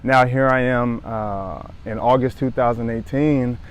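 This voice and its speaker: A man in his thirties from Southern California who speaks earnestly and haltingly, often repeating phrases as he tells a personal story to the camera. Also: medium pitch, fairly even intonation, clean tone. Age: 30s. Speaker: former pro football player sharing his story.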